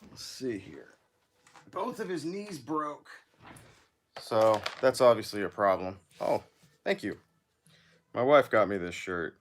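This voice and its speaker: A man's voice: medium pitch, lively intonation, slow pace, pauses often, slight background noise. A man hosting a casual livestream, chatting in a rambling way while repairing action figures and reading chat aloud.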